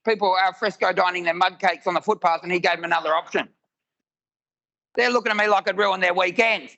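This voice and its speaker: A man's voice: high-pitched, fairly even intonation, brisk, creaky, sharp tone, muffled recording. A man, telling stories in a live stand-up routine and acting out both sides of the dialogue. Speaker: stand-up comedian. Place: live comedy venue with audience.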